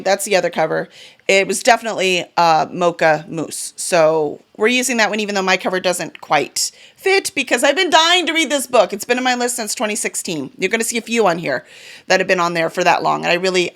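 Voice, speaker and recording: A woman with a mid-range, fairly bright voice vlogs casually about her reading goals. A book vlogger and publisher, she chats enthusiastically about the books she plans to read, with fillers and small self-corrections.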